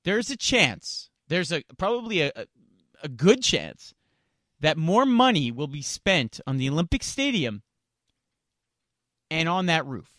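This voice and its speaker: Fired-up high-voiced radio host. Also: male voice, sing-song, a little slow, pauses often, a bit bright, no echo, studio quality. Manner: fired-up, indignant, stammers and repeats words. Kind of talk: heated sports talk radio rant. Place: radio studio. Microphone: studio microphone.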